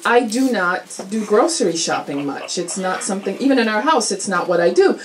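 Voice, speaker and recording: A woman's voice: fairly high pitch, expressive, fairly quick, few pauses, a little hiss or hum, low-quality recording. A woman in her forties, a co-author at a book signing, telling chatty anecdotes with a lot of laughter. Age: 40s. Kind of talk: casual audience Q&A. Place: indoor book-signing event with a crowd. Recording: crowd chatter behind.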